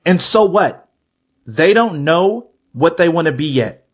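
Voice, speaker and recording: A man in a comedy skit lectures indignantly. His voice sits fairly high and comes out husky. He talks in a slow, deliberate way. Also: expressive. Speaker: skit performer.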